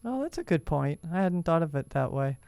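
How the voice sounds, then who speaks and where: A woman co-hosting a casual conversation, speaking in a gentle, encouraging way and often murmuring agreement. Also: low voice, very animated, a little fast, vocal fry, no echo. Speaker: co-host.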